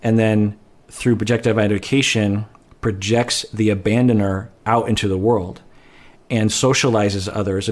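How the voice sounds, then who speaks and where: A man with a somewhat low voice talking as a therapist on a podcast. He explains at an even, measured pace and often stops to rephrase himself mid-sentence. He sounds like he is thinking aloud.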